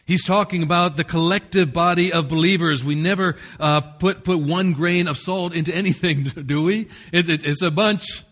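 A man delivers a sermon as pastor, his voice sitting a little higher than most men's. He preaches in an earnest, emphatic way, pressing his points and sometimes restarting a phrase. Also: moderate pace, few pauses, a bit bright.

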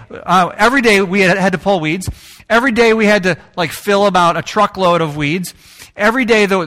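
A man preaching a sermon, telling stories in an animated way and joking with the congregation. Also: a little high. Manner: animated storytelling, jokes with the congregation. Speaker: pastor.

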